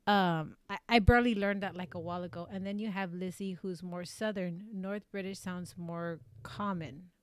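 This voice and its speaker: A woman's voice: fairly low pitch, steady tone, normal speed, few pauses, clean tone, no echo. A woman voice actress chatting casually on a livestream, rambling with lots of fillers and self-corrections. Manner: reads viewer comments aloud. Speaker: streamer and voice actress.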